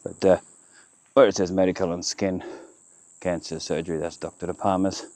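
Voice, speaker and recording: Walking the riverside streets of his town outdoors, an Australian man gives a rambling tour in a deep, warm voice with a level tone and moderate pace. His casual commentary comes in short fragments that he keeps correcting as he goes.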